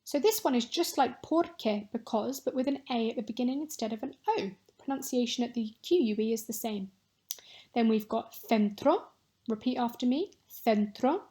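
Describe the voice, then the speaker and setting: A woman with a mellow voice, on the high side, teaches a recorded Spanish lesson at a moderate pace. She models words clearly and patiently for pupils to repeat.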